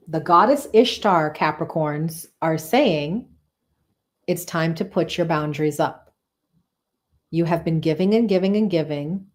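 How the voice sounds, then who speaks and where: A woman with a slightly low voice hosts a live tarot reading. She talks to her viewers in a chatty, enthusiastic way and repeats phrases for emphasis. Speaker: tarot reader and live-stream host.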